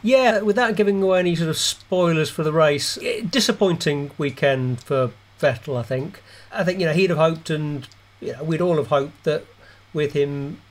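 A man co-hosting a motorsport chat show, measured and thoughtful. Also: fairly high pitch. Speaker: co-host. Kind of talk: casual chat analysis.

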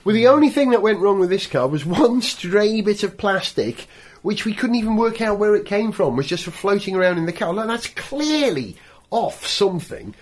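Chatty man with lively pitch. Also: normal speed, few pauses. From Wales. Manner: enthusiastic, chatty storyteller. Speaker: car show co-host. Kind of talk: casual chat.

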